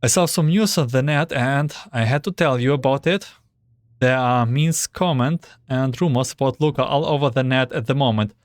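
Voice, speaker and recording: A man's voice: medium pitch, normal speed, no room sound. A man streaming a game, reading the dialogue aloud and reacting with anxious groans between lines.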